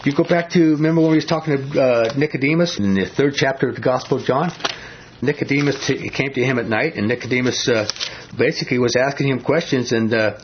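A man preaching a sermon in a conversational way, asking his listeners questions and going low and slow when he quotes scripture. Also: slight background noise. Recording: dull lo-fi recording.

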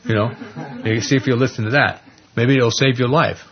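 A husky-voiced man gives a loose, chatty sermon, leaning on "you know" and "okay?" as he walks listeners through scripture. His voice comes through a dull, muffled lo-fi recording, and he keeps the delivery lively and animated. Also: medium pitch, fairly quick. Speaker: lay Bible teacher. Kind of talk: informal Bible study sermon.

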